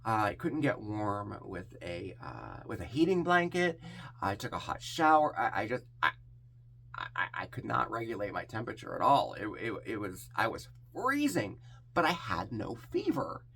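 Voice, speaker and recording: A man hosting a personal vlog, talking candidly and haltingly with a hoarse, scratchy voice. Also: on the low side, huge pitch swings, fairly bright tone. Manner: candid and halting, with frequent restarts. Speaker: vlog host. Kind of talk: casual personal vlog talk.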